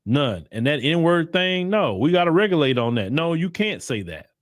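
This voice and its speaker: Blunt man, slightly high voice. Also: sing-song, moderate pace, no room sound, studio quality. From United States. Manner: emphatic, blunt and repetitive, slangy. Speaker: commentary channel host. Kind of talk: casual opinion commentary.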